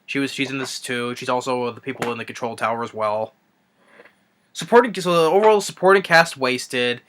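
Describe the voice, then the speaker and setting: A man's voice: mid-range voice, fairly quick, a bit bright, a little hiss or hum. A young man reviewing a film in an unscripted rant, rambling with many restarts and fillers. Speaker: movie reviewer.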